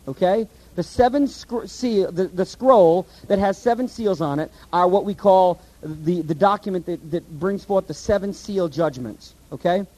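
A man preaching a sermon and teaching from the Bible, animated and asking his listeners questions. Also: high-pitched, a little slow, hardly any pauses, low-quality recording. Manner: animated, asks the audience questions.

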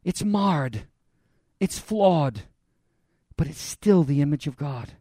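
A man's voice: a little high, lively intonation, slow pace, dark tone, no echo, clean studio sound. A male pastor preaching a sermon in an earnest, conversational way, speaking directly to his congregation.

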